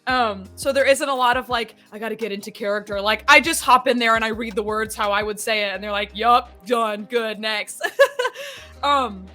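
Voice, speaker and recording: A young woman, a voice actress guest, talking fast and excitedly in a casual chat, laughing often. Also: on the high side, faint music behind.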